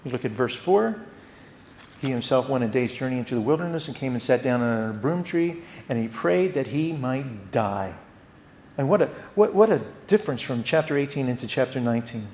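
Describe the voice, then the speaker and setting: A man teaching a theology class at a church. He talks in an animated way and often repeats words. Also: mid-range voice, brisk, roomy sound, a little hiss or hum. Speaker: Bible teacher.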